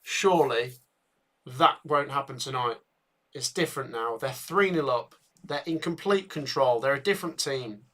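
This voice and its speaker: A man hosting a live football watchalong, chatting with viewers and getting excited at chances, a bit tired. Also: medium pitch, normal speed. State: tired, yawning. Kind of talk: live match commentary and chat.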